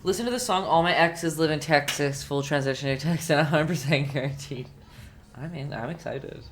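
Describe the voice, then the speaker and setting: A deep-voiced woman moves briskly through a live-streamed painting lesson. Chatty and encouraging, she hums to herself as she goes.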